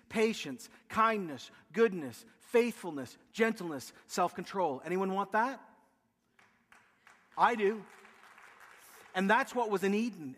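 A man preaches to his congregation, his voice sitting high as he stacks phrases into emphatic rhythmic lists. He breaks off for quick asides before driving on. The sound trails off in the long reverb of a large hall. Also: fairly bright tone. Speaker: pastor. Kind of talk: sermon.

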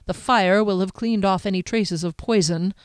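A woman's voice: mid-range voice, normal speed, clean tone, no room sound, clean studio sound, natural voice. A woman voicing a cheerful, curious male mage who talks pleasantly. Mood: eager. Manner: pleasant, chatty.

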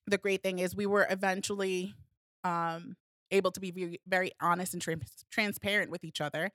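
A young woman co-hosts a casual podcast and tells a personal story in a sassy, animated way, often stopping to restart her sentences. Her voice sits on the low side. The sound is dry and close, with almost no room echo. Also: moderate pace. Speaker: podcast co-host.

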